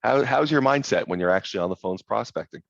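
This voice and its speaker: A man hosting a group coaching call, talking in an animated, motivational way over video call. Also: on the low side, quick pace, creaky, dry recording, muffled recording. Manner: animated, motivational, quotes inner voices.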